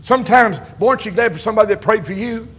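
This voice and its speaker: Preaching a sermon at a racing pace, this older pastor speaks with a drawl in a high, slightly bright, husky voice. His folksy delivery keeps returning to amens and drives lines up to strong emphasis.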